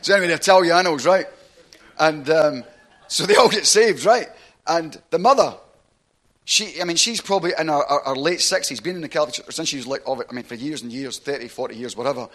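A man with a Glaswegian Scottish accent, preaching a sermon through chatty, animated storytelling that keeps checking in with "right?". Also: fairly high pitch, a little fast. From Glasgow, Scotland.

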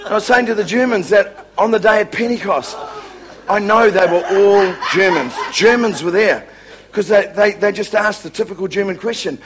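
A man's voice: high-pitched, normal speed. A man preaching a humorous sermon as a revival preacher, joking and laughing often.

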